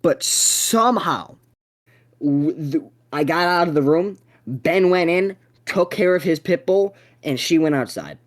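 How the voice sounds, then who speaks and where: A young adult co-host tells a story in loose, profane chat on a podcast. The voice sits mid-pitch but swings up and down a lot. The delivery rambles, stops and restarts, and breaks into sudden excited bursts. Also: measured pace, few pauses.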